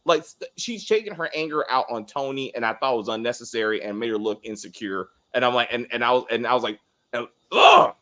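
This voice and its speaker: A man's voice: mid-range voice, animated, quick pace, pushed and bright. A man co-hosting a casual TV review, ranting heatedly with lots of swearing and restarts. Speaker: co-host of a TV review show. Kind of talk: casual spoiler review chat.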